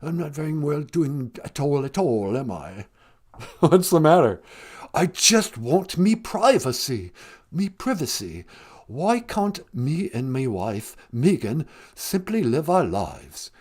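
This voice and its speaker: A man's voice: a little high, big pitch swings, slow pace, a little mellow, slightly rough, pitched below the performer's own voice, exaggerated voice. A man voicing a whiny, self-pitying young English prince in a put-on English accent. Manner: plaintive, whining.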